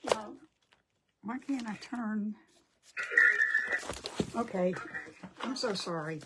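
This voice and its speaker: A woman's voice: medium pitch, lively intonation, takes it slowly, very noisy. An older woman hosting a casual crafting livestream, chatty and apologetic as she greets viewers by name.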